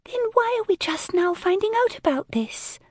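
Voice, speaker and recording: A woman's voice: very high voice, big pitch swings, normal speed, no room sound, studio quality, pitched above the performer's own voice. A woman narrator voicing a stiff, indignant young woman whose voice shakes.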